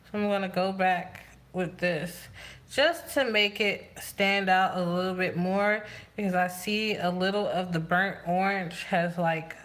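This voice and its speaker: A woman vlogger chatting casually to herself as she does her makeup, rambling and thinking out loud. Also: lowish voice. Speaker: beauty vlogger. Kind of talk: casual chat while doing makeup.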